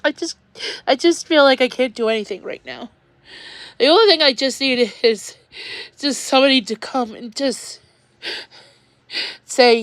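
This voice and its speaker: A woman venting on a livestream, rambling and halting, repeating words as she goes. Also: high-pitched, dry recording.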